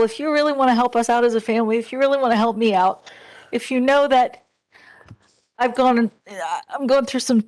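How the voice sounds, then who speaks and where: A woman giving earnest, direct testimony as a disability advocate at a public hearing. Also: on the high side. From Pennsylvania.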